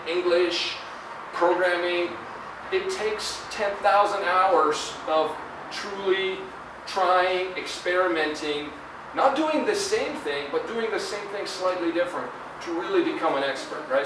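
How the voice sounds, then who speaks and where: High-voiced man lecturing in an echoey hall. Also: noisy background. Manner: conversational, many fillers and tag questions. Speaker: guest lecturer. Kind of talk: university career talk. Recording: echoey hall, far from mic.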